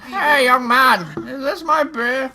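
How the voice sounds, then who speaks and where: A woman voicing an easygoing older man while reading game dialogue aloud, calling out slowly and heartily. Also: very high-pitched, steady tone, bright, forceful tone, voice pushed up, heavily acted. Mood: jovial.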